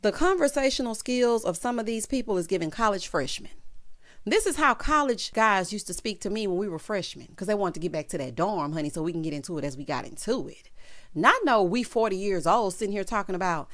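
A woman giving a casual, sassy recap of a reality dating show, full of playful asides and quick reactions. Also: medium pitch, lively intonation, a bit bright, no room sound, studio quality. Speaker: recap vlogger.

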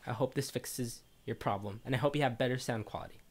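A man's voice: mid-range voice, fast. A man hosting a casual how-to tutorial, talking directly to viewers into a condenser microphone. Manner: chatty, direct, addresses viewers. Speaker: video tutorial host. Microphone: condenser microphone, position varied.

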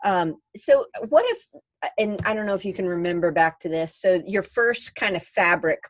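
A woman's voice: medium pitch, expressive, normal speed, dry recording. A woman hosting a podcast interview, chatting casually and reading out listener questions. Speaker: podcast host.

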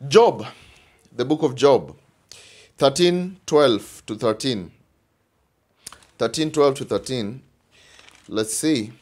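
A man's voice: medium pitch, expressive, slow, long pauses, a little mellow. A man with a Kenyan English accent preaching a sermon, emphatic, repeating phrases and often asking "all right?".

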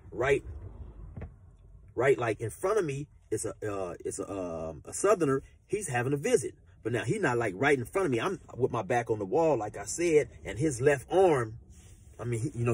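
A man tells a story in a relaxed, slangy way, cursing freely and circling back as he goes. His voice is husky, with a lively, swinging pitch. The sound is dry and close. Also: moderate pace, no room sound. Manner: laid-back slangy storyteller, profane, rambling. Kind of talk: casual storytelling.

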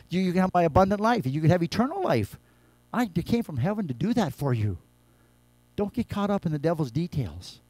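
Male pastor, fairly high voice, preaches in swings from hushed scripture reading to loud raised emphasis; dry, close sound. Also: dry recording. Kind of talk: sermon. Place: church.

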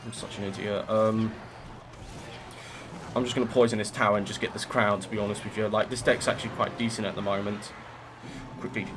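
A man's voice: fairly low pitch, flat delivery, fairly quick, pauses often, background noise. A man giving chatty live commentary over his own gameplay, narrating each move with self-critical asides.

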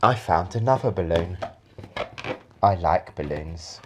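A playful man talks to himself on the stairs of a hallway indoors. His voice swings widely up and down, and he speaks at an unhurried pace. A faint hiss sits underneath. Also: medium pitch, very animated. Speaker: YouTuber. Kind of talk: playful vlog commentary.

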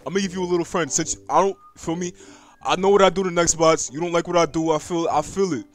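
Young male gaming YouTuber, high voice, excitable, slangy, yelps when spooked. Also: fast talker. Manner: excitable and slangy, jumps to yelps when startled, talks to game creatures. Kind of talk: casual gaming commentary.

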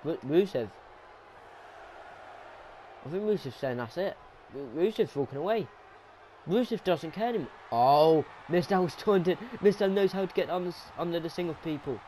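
A young man giving excited, rambling play-by-play commentary over a wrestling video game, pleading with the action on screen. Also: on the high side, moderate pace, slight background noise. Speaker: gaming commentator.

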